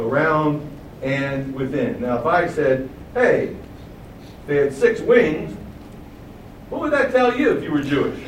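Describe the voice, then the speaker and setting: A man preaching a sermon, asking rhetorical questions and booming out quoted acclamations. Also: reverberant, far from the mic, slight background noise, poor audio.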